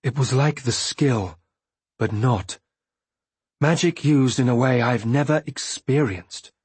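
A man's voice: medium pitch, takes it slowly, darkish tone, husky, dry recording. A man voicing a wounded father who speaks in a thick, tired voice. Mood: weary.

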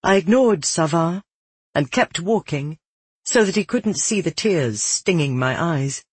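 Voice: medium pitch, expressive, unhurried, slightly rough, no echo. Narrateur à la voix voilée et sèche. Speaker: audiobook narrator. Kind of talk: first-person fiction narration.

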